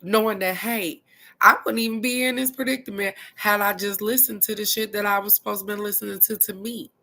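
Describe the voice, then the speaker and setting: Middle-aged woman, card reader; bright, forceful voice, blunt and salty. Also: mid-range voice, fairly quick, vocal fry. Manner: blunt and animated, cusses freely. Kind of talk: casual tarot card reading talk.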